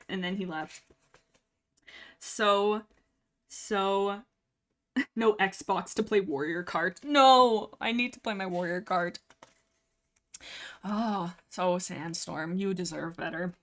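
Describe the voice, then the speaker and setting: A woman's voice: medium pitch, fairly bright tone. Sarcastic rambling young woman streamer. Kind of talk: casual livestream book discussion.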